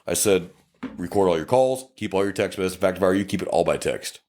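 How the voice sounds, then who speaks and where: The South Texas cop's low voice moves fast as he swaps stories on his podcast, cursing freely, staying animated and acting out what each person said.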